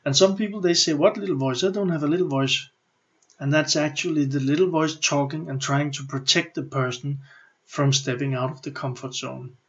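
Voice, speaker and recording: A middle-aged man with a Danish accent gives a motivational coaching lesson. He talks in an animated way, acts out inner thoughts and often restarts his sentences. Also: mid-range voice. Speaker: business and personal development coach. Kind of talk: motivational teaching talk. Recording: slightly muffled lo-fi audio.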